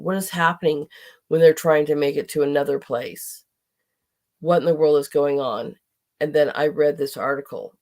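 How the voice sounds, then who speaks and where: A woman's voice: low-pitched, darkish tone. A middle-aged woman hosting a podcast, speaking in an impassioned, indignant monologue and at times near tears. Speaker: podcast host.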